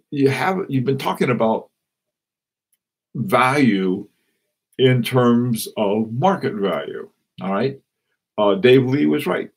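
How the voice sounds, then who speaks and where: A man hosting a casual live stream, chatting and reading out viewer comments in a rambling, halting way with many restarts. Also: mid-range voice, darkish tone, husky. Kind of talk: casual live-stream chat about watches.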